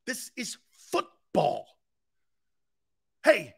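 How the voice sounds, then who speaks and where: A man hosting a sports talk show, ranting and mocking, shouting in bursts and laughing at his own jokes. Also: sits high, very animated, unhurried, pauses often. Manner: shouts in bursts between quieter asides.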